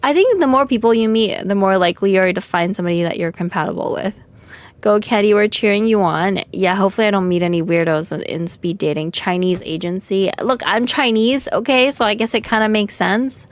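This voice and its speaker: A woman's voice: medium pitch, fairly quick. Frank young woman streamer chatting. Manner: frank, crude, laughing, self-mocking. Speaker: vtuber streamer. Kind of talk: casual livestream chat reading comments.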